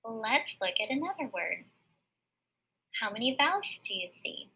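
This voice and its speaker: Bright, husky woman teaching phonics. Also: a little high, sing-song. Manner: slow, clear, patient step-by-step explaining. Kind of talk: recorded phonics lesson for children. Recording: dull lo-fi recording.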